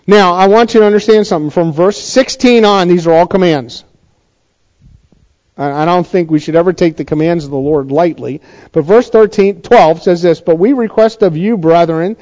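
A man's voice: high-pitched, a little fast, a little mellow, highs cut off. A man preaching a sermon as the pastor, conversational, asking rhetorical questions and rising to emphatic points.

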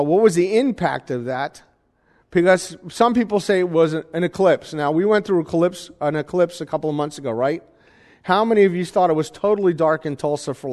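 Guy preaching in a big echoey church, bit higher pitched, chatty and asks the crowd stuff. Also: a little mellow. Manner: conversational, asks the congregation questions. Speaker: pastor. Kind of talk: sermon. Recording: reverberant hall.

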